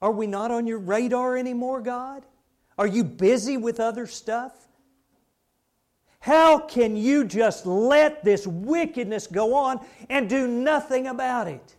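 A man voicing an anguished male prophet who protests loudly and incredulously to God. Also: sits high, sing-song, a little slow, hardly any pauses, slightly rough, full character voice. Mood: outraged pleading.

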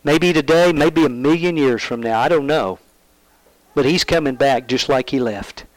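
A man preaching a sermon, retelling a Bible story in a storytelling manner, asking the listeners questions and dropping to hushed tones. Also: medium pitch, moderate pace, dry recording, rough recording.

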